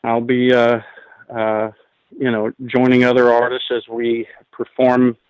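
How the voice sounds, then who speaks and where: A man from New Jersey, a musician guest in a casual interview, talking in a relaxed, rambling way with many fillers. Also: medium pitch, a little slow, clean tone, no echo, highs cut off. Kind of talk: casual interview over the line.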